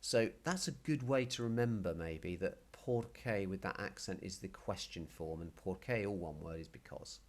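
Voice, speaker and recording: A man's voice: sits low, normal speed, few pauses. A man teaching a casual Spanish lesson, patiently explaining and repeating words. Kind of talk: casual video language lesson.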